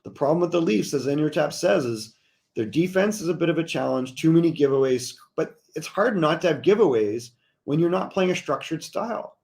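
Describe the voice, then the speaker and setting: A man hosting a hockey talk show in a relaxed, chatty way, reading out viewer comments and giving his views. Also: a little high, a little fast, gravelly. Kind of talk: casual sports talk.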